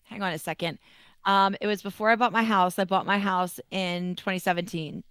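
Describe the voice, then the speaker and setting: A woman's voice: medium pitch, fairly even intonation, a little fast, a bit bright, clean tone, no room sound. A woman co-hosting a podcast, chatting casually in a blunt, teasing way. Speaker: podcast co-host. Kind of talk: casual chat.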